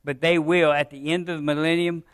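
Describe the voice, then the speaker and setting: A man preaching a sermon in a church, talking to the congregation in a conversational way, stressing key phrases and dropping low at the ends of sentences. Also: little pitch movement, a little fast, clear, resonant tone, no echo. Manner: rises in volume on emphasized phrases, drops low at sentence ends. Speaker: pastor. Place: church sanctuary.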